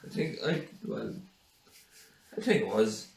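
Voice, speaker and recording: A man's voice: lowish voice, sing-song, unhurried, gravelly, a little mellow. A young man co-hosting a podcast, laid-back and sweary in casual chat. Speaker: podcast co-host. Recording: roomy, distant mic.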